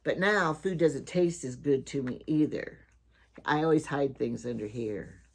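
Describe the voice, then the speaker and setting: A woman's voice: a bass voice, measured pace, breathy edge. An older woman hosting her own home talk show, chatting in a rambling way and often restarting her sentences. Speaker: vlogger host.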